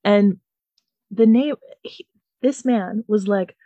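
A woman hosts a podcast and tells a story in relaxed, chatty fashion. She laughs often, swears without a thought and slips into quick impressions of the people she describes. Her voice sits close to the mic with no room sound. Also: mid-range voice, no echo, dull audio. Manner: animated, laughing, swears freely, acts out quotes. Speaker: podcast host. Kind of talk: casual storytelling chat.

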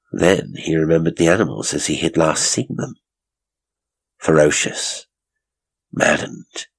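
Deep husky man narrating horror. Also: a bit bright. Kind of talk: scripted narration.

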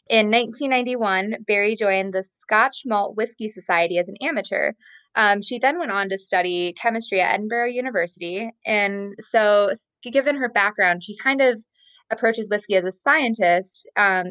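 A woman's voice: medium pitch, moderate pace, fairly bright tone, clean tone, no room sound. A woman co-hosting a casual podcast chat from home, presenting her research with many hesitations. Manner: chatty, hesitant with many ums. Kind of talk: casual chat on a video call.

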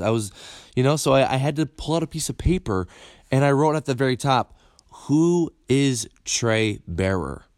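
A man's voice: mid-range voice, no echo. Blunt storytelling man, dry close sound. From upstate New York. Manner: candid, animated, swears freely, repeats words. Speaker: motivational speaker. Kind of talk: personal storytelling.

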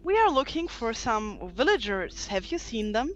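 A woman's voice: on the high side, big pitch swings, moderate pace, a bit bright, soft background music. A woman player in a casual tabletop game, chatty and full of questions, heard over dull lo-fi audio.

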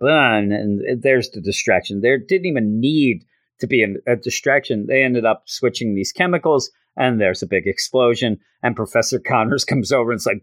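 With no room sound in the recording, a male podcast host walks casually through a comic's story. He's animated throughout and briefly squeaks out high character voices.

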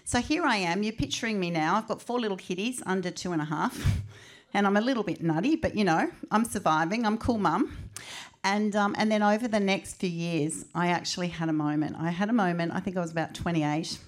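A middle-aged woman with an Australian accent, telling personal stories in an animated, chatty way at a book launch. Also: mid-range voice, a little fast. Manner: animated, chatty storyteller who acts out quotes. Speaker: author speaking at a book launch. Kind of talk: personal storytelling speech.

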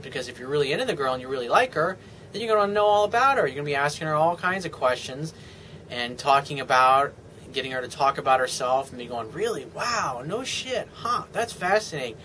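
Bright-voiced man giving dating advice. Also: fairly high pitch, a little hiss or hum, poor audio. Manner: confident, chatty, acts out sample dialogue. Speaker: dating coach. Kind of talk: casual advice monologue.

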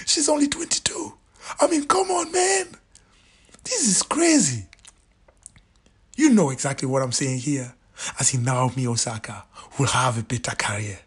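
A man in his late thirties talks through his opinions as a show host, his pitch leaping around in a lively, emphatic way. His voice is very breathy and airy, and he repeats himself for emphasis, sometimes sinking to an almost whispered aside. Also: normal speed, pauses often. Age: 30s. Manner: animated, emphatic, repeats points, drops to near-whispers. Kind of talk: opinionated commentary monologue.

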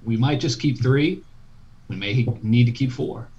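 A man's voice: mid-range voice, a little slow, darkish tone. A man co-hosting a casual sports podcast, laid-back and hedging. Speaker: podcast co-host. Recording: dull lo-fi sound.

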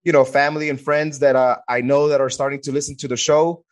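A man's voice: mid-range voice, little pitch movement, fast. A man hosting a podcast in casual conversation, hesitant, with many "uh" fillers. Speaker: podcast host.

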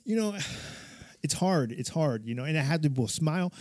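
A man's voice: on the high side, lively intonation, moderate pace, a little mellow, no echo. Profane, laughing man telling war stories. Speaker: podcast guest or co-host, military veteran. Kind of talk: casual conversation, personal stories.

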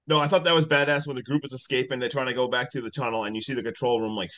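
A man in casual podcast talk, enthusing over favorite film scenes with lots of "like" and "literally". His voice is bright and forceful. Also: mid-range voice, steady tone, very fast. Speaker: podcast co-host, leads discussion. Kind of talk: casual chat, film discussion.

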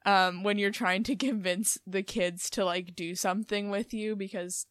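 A woman's voice: medium pitch, steady tone, moderate pace, a bit bright, dry recording. A woman with a mid-range voice chats casually in a wry, matter-of-fact way. Her voice sounds dry and close, with no room around it. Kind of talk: casual chat.

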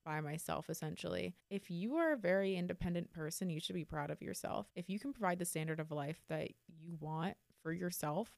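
A woman in her twenties hosting a solo podcast, talking candidly and swearing freely, and getting animated when she retells a story. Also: lowish voice, a little fast, gravelly, hardly any pauses, dry recording, clean studio sound. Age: 20s. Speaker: podcast host. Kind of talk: casual solo podcast monologue.

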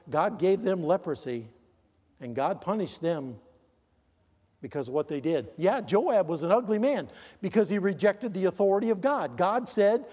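An older male pastor preaching with a high-pitched voice, driving home words loudly and then dropping low and quiet. His sermon rings with a long reverb in a church sanctuary. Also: animated, measured pace. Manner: emphatic preaching, swings between loud stressed words and low quiet asides.

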